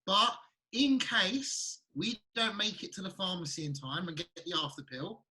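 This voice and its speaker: A man's voice: sits high, big pitch swings, moderate pace, pushed and bright. A British man co-hosting a podcast, joking and teasing in casual chat with hesitant restarts. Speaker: podcast co-host. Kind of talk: casual banter.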